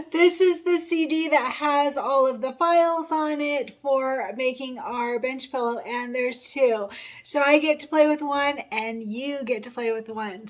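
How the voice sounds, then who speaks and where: A woman's voice: sits high, slight background noise. A woman hosting a sewing channel, gushing and laughing as she unboxes a sponsor's package. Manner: gushing, excited, laughs often. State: a little choked up. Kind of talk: unboxing vlog.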